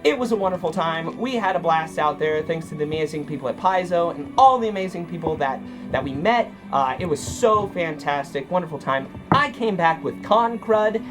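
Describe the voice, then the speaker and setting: A man's voice: on the high side, lively intonation, moderate pace, few pauses, over music. Rambling, self-mocking man hosting a game stream. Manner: self-deprecating, rambling, joking. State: sick with a cold. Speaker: stand-in game master and host.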